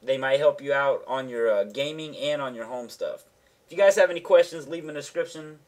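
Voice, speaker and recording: A man's voice: medium pitch, a little fast. A man hosting a gaming channel, explaining gear in a loose, rambling, conversational way with slangy asides. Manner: slangy, offhand. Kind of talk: casual tech vlog explanation.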